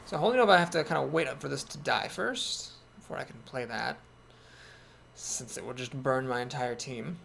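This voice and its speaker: A man's voice: medium pitch, normal speed, gravelly, fairly bright tone, a little hiss or hum. A man giving casual commentary on a card game, thinking aloud in a wry, self-doubting way. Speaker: gameplay commentator.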